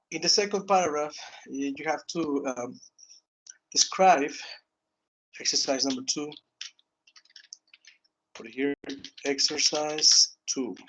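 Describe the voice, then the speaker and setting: Halting teacher, tags "no?". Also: male voice, fairly high pitch, a bit bright, a little hiss or hum, poor audio. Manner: halting, repeats words, frequent "okay" and "no?" tags. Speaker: English teacher. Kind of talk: online grammar lesson.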